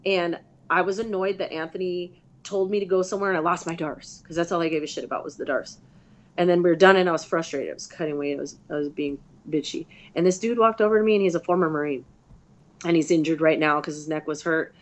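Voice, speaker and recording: A woman's voice: fairly low pitch, fast talker. A woman, a grappler and fighter, telling stories in a chatty, profane way as a guest in a casual interview. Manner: chatty, profane, animated storytelling.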